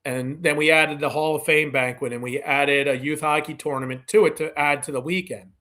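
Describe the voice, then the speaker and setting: A man's voice: on the high side, fairly even intonation, a little fast, pushed and bright. A man, a podcast guest, telling stories in a casual interview, acting out quoted dialogue with many "you know" fillers. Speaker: podcast guest, community event organizer.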